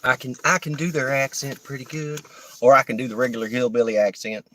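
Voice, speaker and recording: A man's voice: mid-range voice, fairly even intonation, brisk. A man, chatting casually to viewers while he drives for a rideshare app. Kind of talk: casual live-stream chat. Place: in a car. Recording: noisy car interior.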